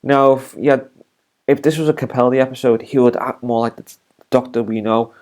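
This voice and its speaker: A man's voice: mid-range voice, steady tone, moderate pace, a little mellow. A man giving an unscripted, rambling recap of a TV episode as a reviewer, with many fillers and restarts.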